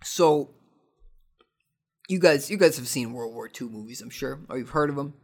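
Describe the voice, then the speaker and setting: A man riffs through listener questions in a loose, comedic podcast monologue. He trips over his own words, repeats himself and restarts sentences, all with a mock-serious, tongue-in-cheek tone. His voice sits at an ordinary middle pitch. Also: moderate pace, darkish tone. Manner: rambling, tongue-in-cheek, frequent false starts.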